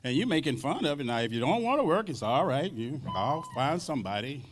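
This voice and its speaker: A man voicing an older bluesman bandleader who quietly and fatherly scolds a young drummer, calling him son. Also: mid-range voice, big pitch swings, a little hiss or hum, lightly acted. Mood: gently scolding. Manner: slow, soft, fatherly, calls him son.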